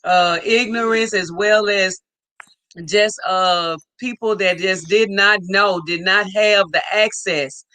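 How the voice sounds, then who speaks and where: A woman's voice: mid-range voice, steady tone, takes it slowly, bright, forceful tone, no echo. A woman co-hosting a casual livestream, enthusiastically reading out viewer comments. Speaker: livestream co-host.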